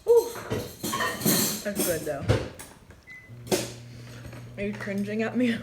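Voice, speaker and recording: A woman's voice: medium pitch, sing-song, takes it slowly, heavy background noise. A woman in her twenties narrating a casual food vlog in a chatty, giggly way, full of fillers. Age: 20s. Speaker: vlogger.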